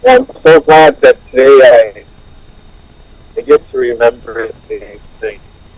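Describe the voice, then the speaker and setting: A man's voice: mid-range voice, slow pace, darkish tone, no room sound, poor audio. A man earnestly sharing his recovery story at a support meeting, with many restarts. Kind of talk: personal recovery share. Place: online meeting.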